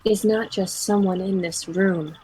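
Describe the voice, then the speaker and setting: A woman voicing a cool young female investigator in a fan dub, making calm, pointed accusations. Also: mid-range voice, a little slow, husky, faint music behind, low-quality recording. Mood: accusing.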